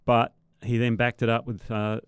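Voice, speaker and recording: A man, a former golf pro, co-hosting a golf podcast and telling stories in a lively way. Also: mid-range voice, moderate pace, clean tone, no echo, studio quality. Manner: animated storytelling, laughs often. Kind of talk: casual golf chat.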